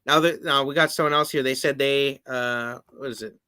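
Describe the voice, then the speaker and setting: A man's voice: mid-range voice, steady tone, moderate pace, sharp tone, smooth, dry recording. A man hosting a casual live-stream interview, reading viewer comments aloud and laughing easily. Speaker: podcast host.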